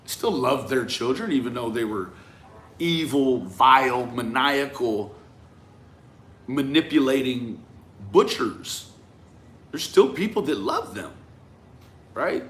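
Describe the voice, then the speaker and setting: A man talking through a case in a reflective, conversational monologue, often tagging his points with a questioning "right?" and trailing off into quiet asides. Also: medium pitch, sing-song, slow, pauses often. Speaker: commentator on a true-crime case. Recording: roomy echo with faint ambience.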